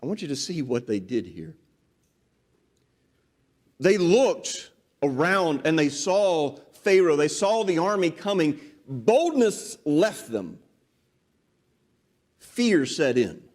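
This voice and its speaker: Male preacher, high and very lively voice, dramatic delivery acting out quotes. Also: takes it slowly, long pauses. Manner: expressive, rises and drops pitch for emphasis. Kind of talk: sermon.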